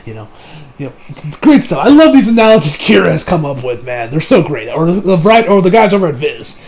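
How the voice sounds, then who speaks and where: A man's voice: on the high side, brisk, a crowd in the background, rough recording. A man hosting a casual anime episode recap, rambling with frequent restarts. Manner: animated, rambling, with frequent restarts and acted quotes. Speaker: anime reviewer.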